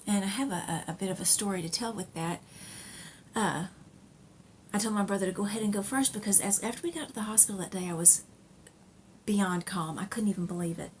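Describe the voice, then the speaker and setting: A woman's voice: mid-range voice, a little fast, slight background noise. Chatty woman telling a personal story. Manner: chatty, rambling, with fillers and laughs. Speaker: knitting podcast host.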